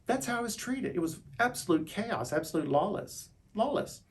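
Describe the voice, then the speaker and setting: A man's voice, pitched a little high, carries this loose solo monologue. He is middle-aged, stops and restarts his phrases, and hammers on key words with rising emphasis. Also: sing-song, normal speed. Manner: rambling, emphatic, restarts words, voice climbs when indignant. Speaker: vlogger. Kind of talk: unscripted monologue to camera.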